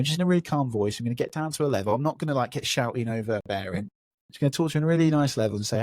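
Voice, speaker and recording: Talking fast in a mid-range voice, this man in his thirties hosts a podcast, spinning stories casually and performing the voices of their characters with animation. The recording is dry.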